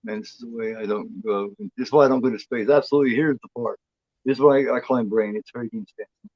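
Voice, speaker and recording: A man's voice: mid-range voice, quick pace, darkish tone, dry recording, highs cut off. Casual swearing male horror host. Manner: rambling, swears freely, voices the cat in a playful drawl. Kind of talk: casual livestream chat.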